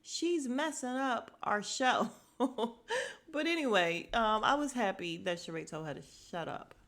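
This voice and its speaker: A woman hosting a casual podcast, recapping reality TV in an animated, gossipy way and laughing often. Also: fairly high pitch, unhurried, a little hiss or hum. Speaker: podcast host.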